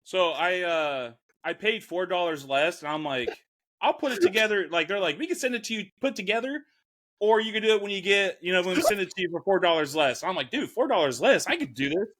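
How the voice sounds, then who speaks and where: A man's voice: sits high, animated, fairly quick, fairly bright tone. A man co-hosting a casual sports chat show, easygoing and rambling, with some swearing. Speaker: podcast co-host. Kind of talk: casual chat while drinking.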